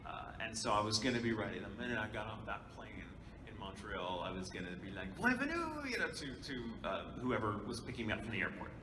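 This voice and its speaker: A man, a voice actor, telling lively anecdotes on a convention panel and dropping into accents as he goes. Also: lowish voice, quick pace, few pauses. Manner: animated storyteller, jumping into accents and voices. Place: large convention hall. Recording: echoey hall, voice from far off, background noise.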